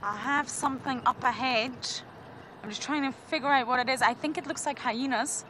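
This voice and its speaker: Higher-voiced woman calling wildlife sightings live. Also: fairly quick, slight background noise. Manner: animated, spotting and calling in wildlife. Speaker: safari guide. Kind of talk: live game drive commentary. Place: outdoors in a safari vehicle.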